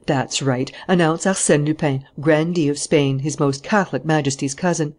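A reader voicing a supremely confident adult gentleman thief in an audiobook, mocking and ceremonious. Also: medium pitch, steady tone, normal speed, close to an everyday voice. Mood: jaunty mocking. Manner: mocking, ceremonious, grandly polite. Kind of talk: audiobook character voice.

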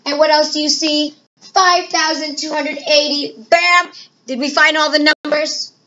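A bright, high-pitched woman teaching a children's math lesson with playful energy. She asks questions aloud and answers them herself. The recording is a bit dull and lo-fi. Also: little pitch movement, moderate pace.

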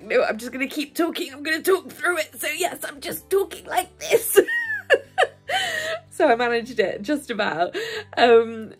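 A woman's voice: medium pitch, husky. A woman vlogging candidly, chatty and rambling, laughing often and easily moved. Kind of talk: candid personal vlog.

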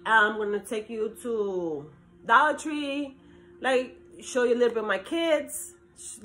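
A middle-aged woman from Brooklyn with a New York accent, chatting casually to her viewers in a talkative, animated way. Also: on the high side. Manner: chatty, animated, talks fast and drifts between topics. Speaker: vlogger. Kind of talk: casual chat to camera.

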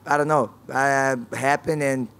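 A woman's voice: rumbling low, fairly even intonation, measured pace, smooth. A woman fighter at a press conference, speaking frank, non-native English with broken grammar and repeated key words.

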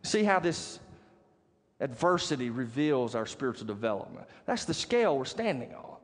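A man's medium-pitched voice swings widely in pitch at a moderate pace as he preaches from the pulpit of a church sanctuary. The pastor recounts a personal story, often checking in with the congregation, and the recording carries long church hall reverb.

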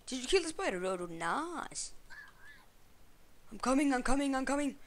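A woman giving casual gameplay commentary for her channel, excitable and swearing, yelling to a teammate. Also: sits high, normal speed. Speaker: gaming channel host.

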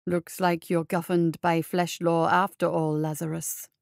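A woman voicing a gruff, sly male mercenary leader with a smug, drawling manner. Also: lowish voice, level tone, a little slow, no echo, studio quality, soft background music.

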